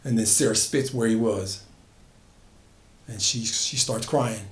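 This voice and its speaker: A man's voice: on the low side, measured pace. A man casually telling an original horror story, building emphasis by repeating phrases. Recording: echoey room.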